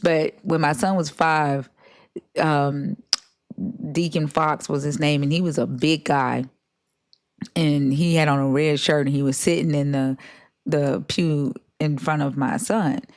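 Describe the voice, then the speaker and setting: A woman's voice: deep voice, steady tone, measured pace, a little mellow, dry recording, studio quality. A woman and mother chatting casually on a live stream, telling laid-back funny stories about her kids. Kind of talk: casual chat.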